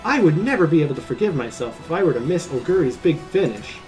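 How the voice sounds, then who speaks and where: A man's voice: fairly high pitch, lively intonation, quick pace, faint music behind, lightly acted. A man voicing a prim, lofty young lady. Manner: lofty, formal phrasing.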